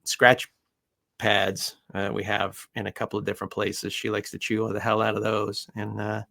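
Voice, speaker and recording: A man who trains dogs, talking casually with many fillers and restarts, and dropping into soft coaxing when he quotes himself talking to his puppy. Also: fairly low pitch, creaky. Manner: rambling, lots of fillers, coos softly when quoting himself to the puppy. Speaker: dog trainer. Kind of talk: casual talk to camera.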